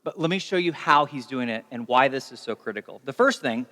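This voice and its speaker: A young adult man preaching a sermon as pastor, telling stories in a conversational, animated way. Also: mid-range voice, fairly quick. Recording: long reverb of a large hall.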